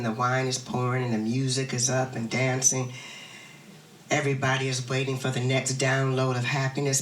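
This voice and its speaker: A woman's voice: rumbling low, a little hiss or hum. A woman pastor delivering a sermon and leading her congregation in call-and-response. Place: large church hall. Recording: echoey hall, from far off.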